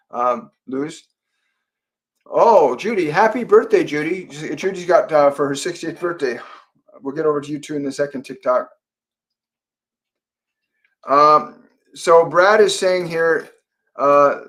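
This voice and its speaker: A man from Canada hosting a live psychic Q&A stream, speaking gently with frequent fillers and repeated phrases as he relays messages. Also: on the high side. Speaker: psychic medium host.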